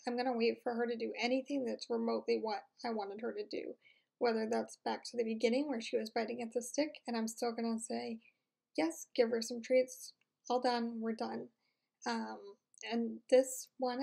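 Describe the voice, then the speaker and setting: A woman's voice: fairly high pitch, gravelly, a little mellow. A woman giving an instructional voice-over about training her dog, explaining steadily with frequent fillers.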